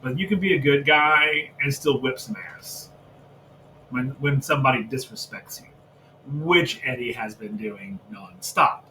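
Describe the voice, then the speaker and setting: A man's voice: mid-range voice, measured pace, sharp tone, slight background noise, low-quality recording. A man co-hosting a wrestling review podcast, ranting heatedly and with lots of profanity about a storyline. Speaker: podcast co-host. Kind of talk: casual wrestling review chat.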